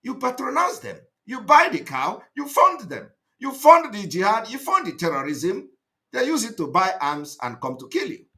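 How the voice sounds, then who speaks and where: A man hosts his own online show, giving a fervent, repetitive monologue. His voice sits high and bright, and it swings widely in pitch, rising to loud outbursts before dropping to low asides. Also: huge pitch swings, normal speed. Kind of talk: impassioned commentary monologue.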